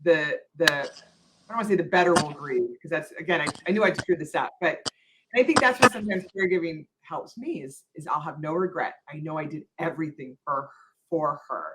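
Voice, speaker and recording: A woman's voice: low voice, brisk, fairly bright tone, slight background noise, poor audio. A woman veterinarian hosting an interview, talking casually and rambling, correcting herself often with lots of fillers. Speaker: veterinarian host.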